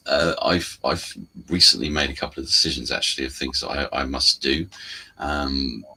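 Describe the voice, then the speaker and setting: A man being interviewed as an actor, talking frankly and self-deprecatingly over a video call, meandering with pauses. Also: a bass voice, vocal fry, pushed and bright, slight background noise, low-quality recording. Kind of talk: candid casual chat.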